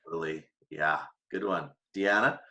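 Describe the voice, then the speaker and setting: A man hosting a casual quick-question chat with colleagues, playful and teasing. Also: sits low, pushed and bright. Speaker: host.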